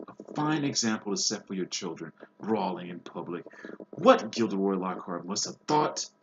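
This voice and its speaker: A man reading aloud and voicing a shrill, scolding wizard mother. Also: big pitch swings, moderate pace, lo-fi sound, background noise. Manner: shrieking, scolding.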